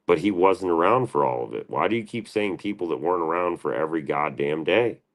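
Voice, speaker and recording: Guy with a super low voice ranting at his stream chat, cussing a lot, real defensive. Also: lively intonation, a little fast, few pauses. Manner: profane, combative, defensive. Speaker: livestream host. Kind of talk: livestream rant answering chat.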